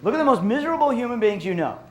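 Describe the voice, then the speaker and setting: A man giving a storytelling lecture to an audience on violence prevention, animated and repeating phrases for emphasis. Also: very high-pitched, very fast. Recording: roomy echo.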